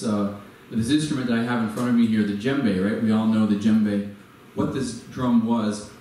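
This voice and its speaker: A man's voice: lowish voice, darkish tone. A man in his forties giving a storytelling talk to an audience, hesitant, with many fillers and restarts. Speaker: guest speaker. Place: venue with a live audience. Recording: echoey hall from far off, faint noise.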